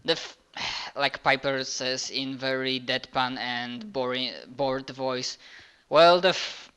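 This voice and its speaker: A man with a bright, smooth voice plays his part in a tabletop game. He talks slowly and haltingly, stopping often to restart his sentences. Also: mid-range voice, monotone. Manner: halting, with many fillers and restarts. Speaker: player. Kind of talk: playing a tabletop role-playing game.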